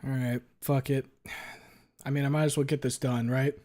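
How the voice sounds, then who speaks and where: A man's voice: mid-range voice, little pitch movement, normal speed, warm tone. A man streaming live and chatting casually with his viewers in a rambling, crude way, swearing a lot and talking back to chat.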